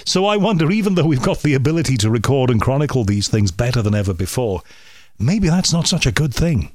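A man hosting an interview, chatty and animated, his pitch jumping suddenly as he talks. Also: brisk, no echo, clean studio sound. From United Kingdom. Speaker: radio interviewer. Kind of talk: conversational interview.

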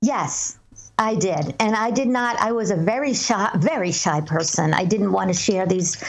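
A woman, a guest medium, answering interview questions and telling stories in a calm, earnest, measured way. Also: medium pitch.

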